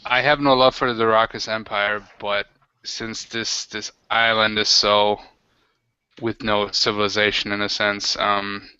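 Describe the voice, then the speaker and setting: A man playing his character in a tabletop game, talking haltingly with lots of restarts. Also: lowish voice, sharp tone, smooth, no room sound. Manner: halting, full of fillers and restarts. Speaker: player. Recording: dry, dull lo-fi sound.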